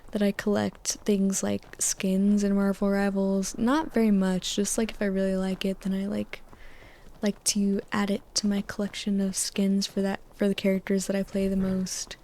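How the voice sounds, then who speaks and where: A young woman talks softly and slowly for a sleep-aid gaming video, close to a desktop mic. Her voice is mellow with a gravelly fry. She rambles from tangent to tangent with lots of "like" and often drops into a whisper. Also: mid-range voice. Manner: rambling and tangential, many "like"s, drifting into soft whispers. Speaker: gaming channel host. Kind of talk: soft-spoken sleep-aid rambling over gameplay. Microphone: desktop USB mic.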